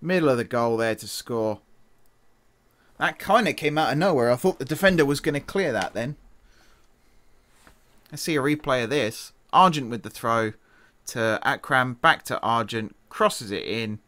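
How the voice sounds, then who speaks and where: A man streaming a football management game, giving chatty play-by-play, laughing at his own slips and sounding tired from an early start. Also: no room sound. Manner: chatty, self-correcting, quick laughs, shifts from excited to low mutters. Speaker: gaming streamer. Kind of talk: casual game commentary.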